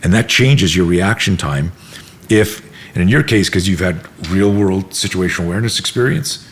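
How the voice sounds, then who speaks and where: A man's voice: sits low, moderate pace, a little hiss or hum. A middle-aged man, a self-defense instructor, telling stories in a casual interview, acting out quotes and swearing freely. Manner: animated storyteller, acts out quotes, swears freely.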